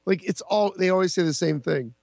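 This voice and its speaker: A man's voice: high-pitched, fairly quick, gravelly, a little mellow, no echo, studio quality. A man in his forties, a podcast co-host, rambling through comic anecdotes with laughs between lines. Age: 40s. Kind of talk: casual comedic storytelling.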